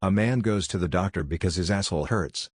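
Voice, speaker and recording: A man reading a string of jokes aloud in a dry, deadpan way. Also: deep voice, fairly quick, very noisy. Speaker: joke narrator.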